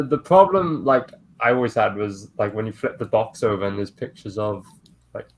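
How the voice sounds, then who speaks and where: A man with a fairly low voice co-hosts a casual chat show. He talks in an eager, easygoing way, like a keen collector. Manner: enthusiastic, self-described toy nerd. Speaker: co-host.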